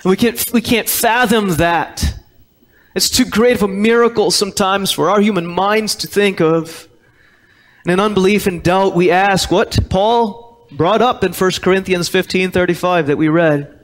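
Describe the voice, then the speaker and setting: The sermon comes from a pastor whose voice sits high and moves at a measured pace, set in a church sanctuary. Emphatic and given to repeating important words, he draws on scripture in old-fashioned King James wording.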